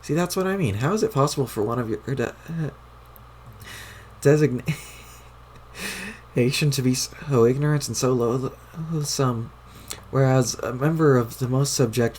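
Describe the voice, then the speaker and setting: A man's voice: mid-range voice, a little mellow, slight background noise, natural voice. A man voicing a stiff, haughty male troll aristocrat while reading a webcomic aloud, with overly formal wording.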